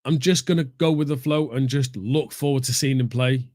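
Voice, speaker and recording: Easygoing co-host, dry sound. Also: male voice, medium pitch, normal speed, darkish tone, no room sound. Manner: easygoing, rambling with fillers. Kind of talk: casual football chat.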